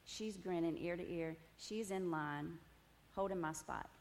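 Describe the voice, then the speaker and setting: Woman, testimony talk, animated storytelling, lowish voice, faint room hum. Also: measured pace. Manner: animated storytelling with laughs and "y'all". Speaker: women's ministry speaker. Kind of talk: personal testimony talk to a group. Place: meeting room with tables.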